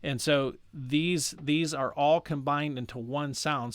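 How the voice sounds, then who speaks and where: A man explaining pronunciation in a casual lesson, chatty and self-correcting, stretching sounds out slowly to demonstrate them. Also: on the high side, fairly even intonation, a bit bright, dry recording, studio quality. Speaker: language teacher.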